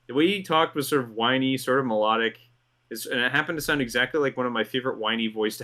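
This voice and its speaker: A man's voice: mid-range voice, fast talker, sharp tone. A man hosting a commentary show, reading a script in an amused tone and laughing through his lines. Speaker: host.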